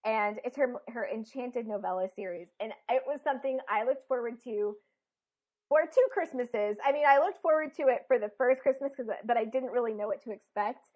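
A woman's voice: a little high, brisk. A woman co-hosting a casual chat, talking in an enthusiastic, gushing way. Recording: dull lo-fi audio.

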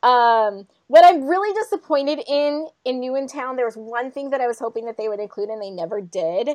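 High-voiced chatty Minnesota woman. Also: a little fast. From northern Minnesota. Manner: chatty, animated storytelling. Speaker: podcast host, journalist. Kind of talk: casual chat.

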